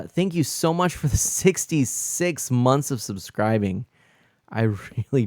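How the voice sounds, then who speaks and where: A man's voice: on the low side, darkish tone, no room sound, clean studio sound. A man chatting casually on a live stream while he plays, answering his chat as he rambles with lots of fillers and restarts.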